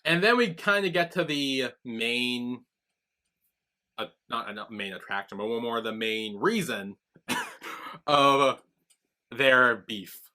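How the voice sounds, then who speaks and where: Bright-voiced man recapping a show. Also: mid-range voice, slow, pauses often. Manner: animated retelling with quoted voices. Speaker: podcast co-host. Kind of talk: casual recap chat.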